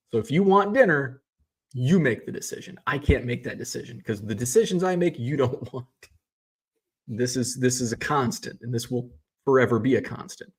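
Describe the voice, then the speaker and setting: Husky and medium in pitch, this man's voice carries a vlog filmed in his car. He rants with exasperation, wandering from point to point and cursing liberally as he complains.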